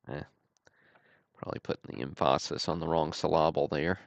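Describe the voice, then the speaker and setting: A man hosting a livestream, calling out trading cards one after another in a steady, matter-of-fact way with dry self-deprecating asides. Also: a bass voice, normal speed, gravelly, pauses often, dry recording, muffled recording. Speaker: host of a card-break livestream.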